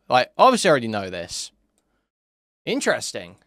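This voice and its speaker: A man's voice: on the high side, wildly swooping pitch, a little fast, fairly bright tone, no room sound, clean studio sound. A man doing reaction commentary in a mocking, incredulous way, swearing now and then. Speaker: commentary streamer.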